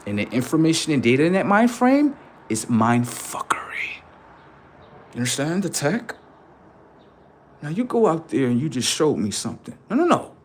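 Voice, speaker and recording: A young man ranting in a loud comedic streetwise voice, swearing and swinging between high outbursts and low mutters. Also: a little hiss or hum. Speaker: comedic streamer. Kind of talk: comedic rant with character bits.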